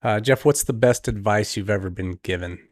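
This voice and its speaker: Low-voiced male podcast host, dry sound. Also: moderate pace, darkish tone, no room sound. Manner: short reactions, brief questions.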